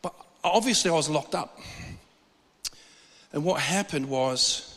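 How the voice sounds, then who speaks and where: Bright-voiced, high preacher. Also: male voice, a little slow, in a large hall. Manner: animated storytelling with acted-out quotes and laughs. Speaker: pastor. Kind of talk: sermon.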